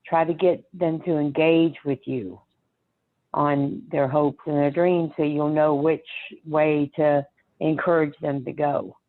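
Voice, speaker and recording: An older woman, the host's mother, speaking earnestly and gently as a guest in a casual podcast chat. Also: deep voice, fairly even intonation, slow. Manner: earnest, gives gentle parenting advice. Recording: tinny phone line.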